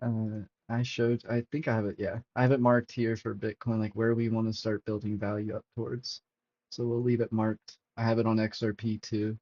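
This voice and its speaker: Profane excitable man streaming crypto charts. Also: fairly low pitch, normal speed, slight background noise. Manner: profane, excitable, talks to chat. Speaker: crypto livestream host. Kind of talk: casual livestream chart commentary. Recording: dull lo-fi stream audio.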